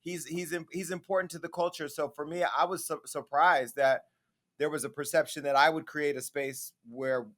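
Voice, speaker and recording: A man with a slightly higher-than-average voice hosts an interview. He asks direct questions and then lays out his own side in a measured, fair-minded way. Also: steady tone, fairly bright tone. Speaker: host and interviewer.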